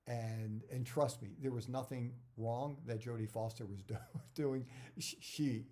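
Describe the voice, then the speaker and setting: A man's voice: medium pitch, fairly even intonation, measured pace, warm tone. A middle-aged man, an actor, giving career advice in a casual talk that rambles, repeats words and drifts off topic.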